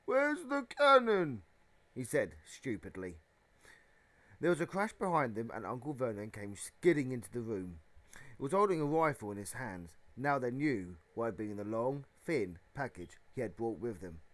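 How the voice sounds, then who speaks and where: A man reading a children's novel aloud as narration, with a dramatic, expressive delivery. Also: medium pitch, normal speed. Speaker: audiobook reader. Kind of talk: storybook narration.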